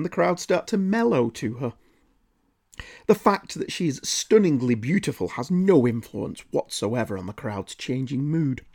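A man narrating a scripted comic book review with dry, sarcastic asides. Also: fairly high pitch.

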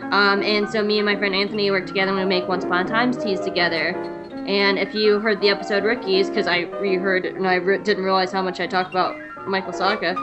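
A woman's voice: medium pitch, level tone, quick pace, muffled recording, over loud music. A woman co-hosting a fan podcast, chatting casually and reading an episode recap. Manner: chatty, laughs easily, reads recaps aloud. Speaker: podcast co-host.

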